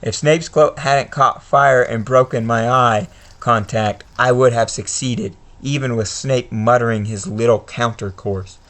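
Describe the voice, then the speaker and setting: A man's voice: mid-range voice, steady tone, a bit bright, natural voice. A man reading as a smug scheming male teacher villain. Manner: reads game dialogue aloud slowly.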